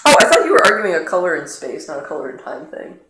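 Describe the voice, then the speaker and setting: A streamer chatting casually over gameplay, rambling with many fillers and sudden jumps in pitch. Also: very animated, fast talker. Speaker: streamer playing the game. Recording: roomy echo, faint noise.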